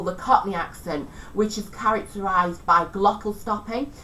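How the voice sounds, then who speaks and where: Woman teacher, chatty revision lesson, a little far from the mic, faint rumble behind. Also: a bit bright. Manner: chatty, self-deprecating, tries out regional accents.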